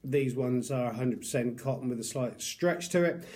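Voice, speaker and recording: A man's voice: medium pitch, normal speed, darkish tone. A man reviewing products to camera, chatty and earnest, with upbeat greetings. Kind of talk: casual talk to camera.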